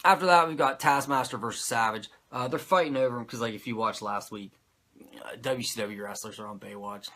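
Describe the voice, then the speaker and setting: A man hosting a podcast, recapping a show in animated, profane, sarcastic casual chat. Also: mid-range voice, fairly quick, slight background noise. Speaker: podcast host recapping wrestling.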